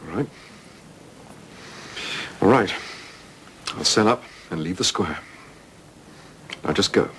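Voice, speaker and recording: A man's voice: deep voice, lively intonation, slow pace, long pauses, fairly bright tone, slight background noise, heavily acted. An actor playing a cold, defensive middle-aged man who answers in clipped, evasive lines in a TV drama. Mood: stiff. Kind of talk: television soap drama acting.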